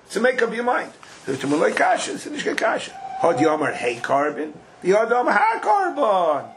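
A man giving a Talmud class, chanting the quoted text in an animated sing-song. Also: sits high, noisy background. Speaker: Talmud teacher.

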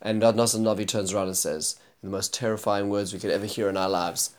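A man's voice: lowish voice, steady tone, quick pace. Earnest man retelling a Bible chapter. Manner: earnest storytelling retelling with quoted dialogue. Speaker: Bible teacher.

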